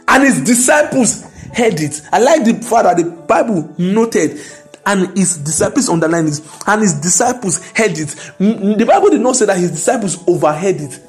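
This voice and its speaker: A high-pitched man preaching. He drives each point home, climbing into loud declarations, with soft music faint in the background. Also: animated, normal speed. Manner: emphatic, rising to loud declarations. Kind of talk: sermon.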